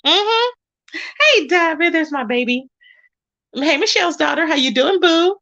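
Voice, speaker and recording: A woman hosts a casual gossip stream. She chats in an animated way and keeps greeting viewers by name. Her voice sits high and comes across bright and sharp. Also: a little slow, highs cut off. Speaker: YouTube commentary host.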